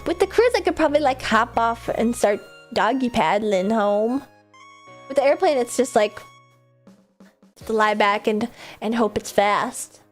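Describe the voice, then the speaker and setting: Young female streamer, high and very animated voice, bubbly rambling chat, light music underneath. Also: a little slow. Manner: bubbly and rambling, laughs often, swears casually. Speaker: livestreamer.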